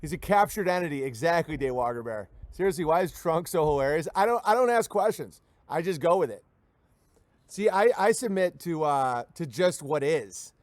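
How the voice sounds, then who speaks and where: A man hosting a livestream, reading viewer messages and riffing on them in an animated, rambling, mocking way. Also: on the high side, moderate pace, dry recording. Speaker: livestream host.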